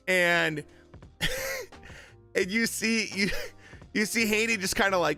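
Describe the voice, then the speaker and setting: A man's voice: high-pitched, very animated, unhurried, pauses often, pushed and bright, faint music behind. A man chatting casually on a live stream about boxing, with many fillers and retold quotes.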